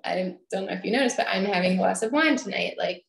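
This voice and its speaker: A woman's voice: mid-range voice, quick pace, gravelly, roomy sound, low-quality recording. A young woman and fitness coach, chatting on a casual business call and laughing often. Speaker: fitness coach and team leader.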